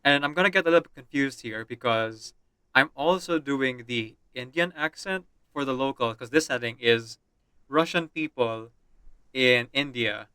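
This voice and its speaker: A man's voice: medium pitch, normal speed, bright, forceful tone, smooth, dry recording. A man streaming, reading and voicing a game's story with chatty asides.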